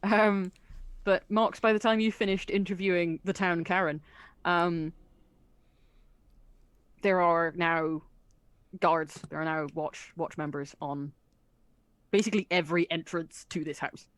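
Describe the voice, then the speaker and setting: Woman game master, hesitant narration, lowish voice, dry close mic. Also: steady tone, measured pace, pauses often, no echo. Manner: hesitant, many ums.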